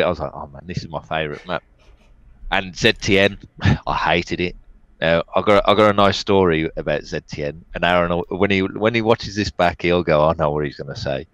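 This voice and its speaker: A man, an esports player, telling lively stories as an interview guest and laughing now and then. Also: low voice, dry recording. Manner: animated anecdotes, laughs often, quotes others. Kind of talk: casual storytelling.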